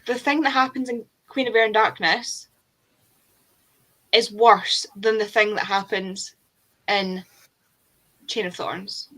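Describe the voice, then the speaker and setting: Her mid-range voice moves slowly, with long pauses, and the audio quality is poor. She's a booktuber on a casual group video call, an animated storyteller who acts out reactions as she tells her stories.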